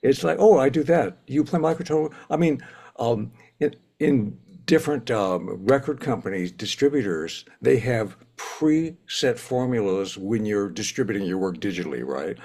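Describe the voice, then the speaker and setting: An older man speaks with real enthusiasm, and his pitch moves animatedly as he tells stories and laughs often. He sounds like a casual guest at an online ceremony. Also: lively intonation, normal speed, dark tone. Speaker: honorary president of the institute.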